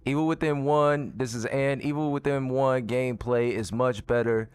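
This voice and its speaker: A man's voice: medium pitch, fairly even intonation, normal speed, darkish tone, clean tone. A man hosting a casual gaming talk show, laid-back and slangy, reading out viewer comments. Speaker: host.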